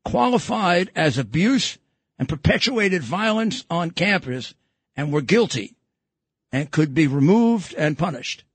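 A man's voice: on the high side, big pitch swings, takes it slowly, slightly rough, no echo. An older man with a New York accent hosting a podcast, rambling and joking with lots of fillers and restarts. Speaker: podcast host. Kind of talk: casual political talk show chat.

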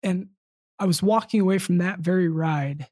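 A man telling a personal story in casual conversation, earnest and halting with frequent restarts. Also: high voice, a little mellow, no echo. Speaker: podcast guest.

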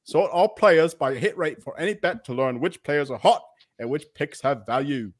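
A man co-hosting a sports betting podcast, reading a sponsor ad in a brisk promotional manner. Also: on the high side. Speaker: podcast co-host. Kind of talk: read sponsor ad.

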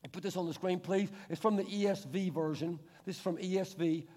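A man with a high-pitched voice preaches to his congregation, pressing his points with rhetorical questions. He slows to a crawl to hammer key words home. His voice rings through a large church with a long, lingering reverb. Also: steady tone, warm tone. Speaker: pastor. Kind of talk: sermon. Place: large church hall with screen.

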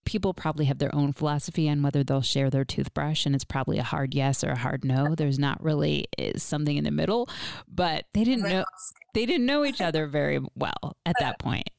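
A woman's voice: deep voice, brisk, vocal fry, a little mellow, dry recording, studio quality. A woman interviewer setting up long, thoughtful questions about a book. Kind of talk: interview conversation.

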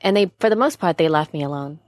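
A woman's voice: low-pitched, quick pace, no room sound, clean studio sound. A woman in casual chat, talking candidly and rambling, often correcting herself mid-sentence.

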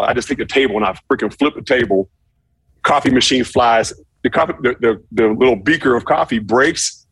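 A man casually telling a profane story, acting out shouted quotes with animated energy. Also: mid-range voice, husky, no echo. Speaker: former football player telling a story.

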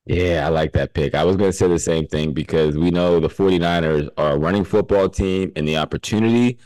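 Brief: male podcast host, very low voice, dry close sound, jokey and quick to laugh. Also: a little mellow, dry recording. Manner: joking, laughs often, steers the talk. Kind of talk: casual chat.

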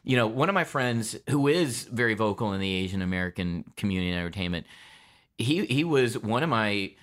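A man being interviewed as an actor guest, telling stories in a lively way with frequent laughs and quick restarts. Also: fairly low pitch. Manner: animated storytelling, laughs often, quick restarts. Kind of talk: casual interview chat.

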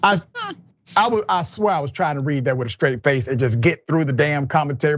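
A man's voice: on the high side, a little fast, no echo. A man hosting a news commentary show, reading reports aloud and breaking into exasperated asides. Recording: dull, muffled, lo-fi sound.

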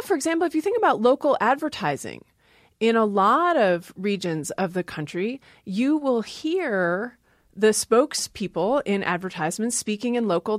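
A woman's voice: fairly high pitch, no room sound. Woman linguist explaining grammar, dry close sound, laughs a bit. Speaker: linguist guest. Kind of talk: interview talk.

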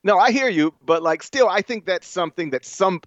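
A man co-hosting a podcast, ranting emphatically in casual conversation. His voice sits a bit high for a man. The audio is dry and slightly dull, like a lo-fi recording. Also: lively intonation, fairly quick, a bit bright, dry recording. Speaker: podcast co-host. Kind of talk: casual chat.

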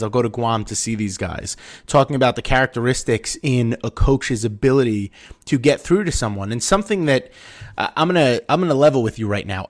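A man hosting a casual sports podcast, teasing his co-host and then giving earnest, opinionated analysis. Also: medium pitch.

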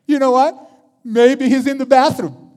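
A man's voice: extremely high pitch, fairly even intonation, a little slow, a little mellow, in a large hall, pitched above the performer's own voice. A man voicing a bold male prophet who taunts and mocks his rivals with sarcasm. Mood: mocking.

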